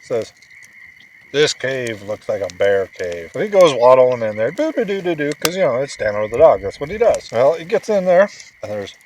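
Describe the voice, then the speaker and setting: A man's voice: a little high, big pitch swings, brisk, darkish tone, a little hiss or hum, poor audio. Man telling a playful bedtime story outdoors. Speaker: father and vlog host. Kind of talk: camping vlog and bedtime storytelling. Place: outdoors at a lakeside campsite.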